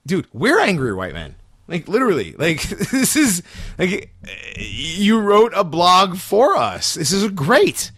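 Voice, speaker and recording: Animated male podcast co-host. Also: fairly high pitch, no room sound, clean studio sound. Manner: animated, loud storytelling with bursts of laughter. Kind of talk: casual podcast chat.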